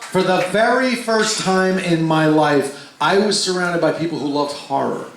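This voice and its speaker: A man telling a story live between songs, animated and swinging his pitch for the voices he quotes, swearing freely. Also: unhurried, background noise. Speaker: stage performer telling a story. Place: large concert hall before a live crowd. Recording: echoey live hall with crowd.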